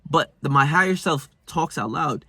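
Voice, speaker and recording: Young man, slangy rambling vlog talk, swearing, slightly high voice, dry close sound. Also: expressive, moderate pace, sharp tone, breathy edge, no echo. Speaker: self-help vlogger.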